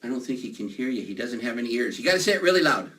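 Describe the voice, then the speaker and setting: A man performing a children's magic show, playful and animated as he talks to the kids. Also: medium pitch, racing. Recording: distant mic, faint noise.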